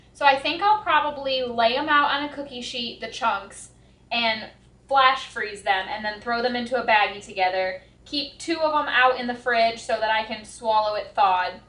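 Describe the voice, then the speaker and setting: Young woman homestead vlogger, casual and jittery, a bit high, roomy kitchen sound. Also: a bit bright. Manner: chatty, nervous, with restarts and giggles. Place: home kitchen.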